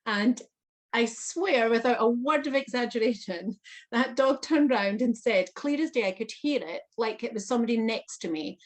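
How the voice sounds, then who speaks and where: A woman guest on an interview, recounting a personal experience in an animated manner with frequent laughter. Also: fairly high pitch, normal speed. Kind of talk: storytelling interview.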